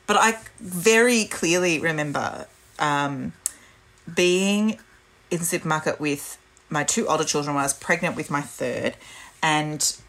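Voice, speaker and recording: A woman, calmly explaining parenting advice in a casual chat. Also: deep voice, unhurried. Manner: calm, gentle and explanatory. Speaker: parenting podcast guest.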